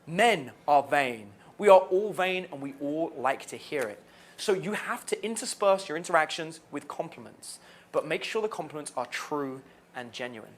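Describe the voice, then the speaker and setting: A young man coaching on dating, talking in an animated way and acting out the lines he suggests. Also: fairly high pitch, moderate pace. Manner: animated, acts out quoted lines. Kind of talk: dating advice talk.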